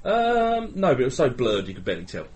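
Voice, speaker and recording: A man's voice: mid-range voice, huge pitch swings, quick pace, darkish tone, a little hiss or hum. A man co-hosting a podcast, joking and swearing freely in casual banter. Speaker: podcast co-host.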